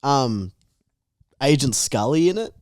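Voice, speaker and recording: A man's voice: medium pitch, lively intonation, slow, darkish tone, dry recording. Young Australian man, podcast co-host; crude laughing banter, plenty of swearing, mid-range voice, close dry sound. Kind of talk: casual chat.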